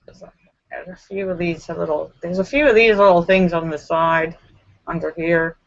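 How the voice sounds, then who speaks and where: A woman vlogger telling a story to camera in a casual, animated way, acting out her own screams and lines of dialogue. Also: fairly low pitch, normal speed, gravelly, muffled recording.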